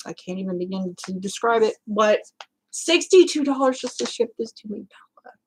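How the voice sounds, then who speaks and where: This rough recording, with a bit of hiss or hum, captures a woman of medium pitch speaking animatedly at a normal speed. She hosts a crafting channel and is unboxing a gift in a chatty vlog, exclaiming with delight and frequently tearing up, her voice choked.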